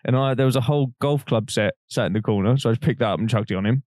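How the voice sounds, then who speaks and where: A man's voice: medium pitch, rapid-fire, no room sound. Rambling young Englishman with a dry sound. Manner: rambling, animated anecdotes with frequent laughter. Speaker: podcast co-host. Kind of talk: casual storytelling chat.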